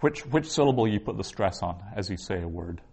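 A man teaching a classroom lesson, patiently explaining and slowly sounding out Hebrew words. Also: on the low side, animated, darkish tone, breathy edge. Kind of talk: classroom lecture.

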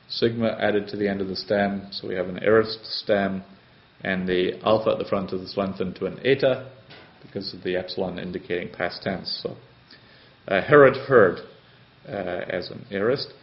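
A man teaching a grammar lesson as a language tutor, slow and methodical, with frequent pauses and hesitations. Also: on the low side, gravelly. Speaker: Greek tutor. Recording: slightly dull, lo-fi sound.

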